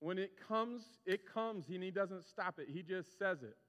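Male pastor, high and very animated voice, casual preaching style, long hall reverb. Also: normal speed. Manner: animated, conversational preaching with acted-out quotes. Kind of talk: sermon.

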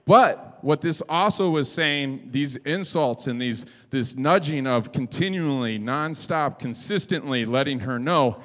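A man's voice: mid-range voice, lively intonation, unhurried, few pauses, fairly bright tone, long reverb tail. A male pastor preaching a conversational sermon, often checking in with "right?".

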